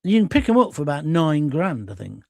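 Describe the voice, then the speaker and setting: A man's voice: on the high side, very animated, fairly quick, creaky, darkish tone, no room sound. An older man hosting a live online talk show, blunt and sarcastic, reading viewer comments and mocking people in little skits. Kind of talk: ranting live-stream commentary.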